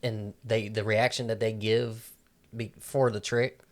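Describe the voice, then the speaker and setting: A man co-hosting a podcast, asking slow, searching questions and cracking jokes. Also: on the low side, flat delivery. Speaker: podcast host. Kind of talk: casual podcast chat.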